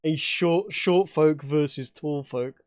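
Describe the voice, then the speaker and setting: A man from England, a player at a tabletop game, who talks in a rambling way, restarting and filling his sentences. His voice sits a bit high and sounds smooth and clear. The recording is dry and close. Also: takes it slowly, darkish tone, no echo. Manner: rambling, many restarts and fillers. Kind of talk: casual chat at a tabletop game.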